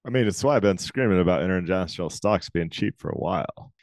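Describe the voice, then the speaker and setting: Low-voiced man, playful podcast banter. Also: lively intonation, fast talker, darkish tone, dry recording. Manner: playful, tells jokes with put-on quotes. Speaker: podcast co-host. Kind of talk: casual finance chat.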